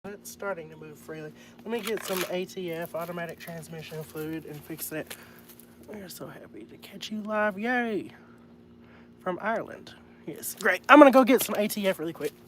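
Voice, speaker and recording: A livestreamer chats casually with viewers over a phone mic, muttering to himself as he works on a repair. His voice sits high at normal speed, and the background is noisy.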